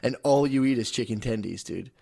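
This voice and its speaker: A man's voice: medium pitch, a little fast, gravelly, darkish tone, slightly rough. A man co-hosting a casual comedy podcast, rambling through stories, laughing often and acting out voices in quotes. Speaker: podcast co-host. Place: podcast studio.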